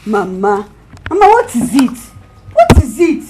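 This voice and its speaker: A woman's voice: on the high side, wildly swooping pitch, measured pace, background noise. An actress playing a young Nigerian daughter who pleads stubbornly with her mother. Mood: pleading. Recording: echoey room.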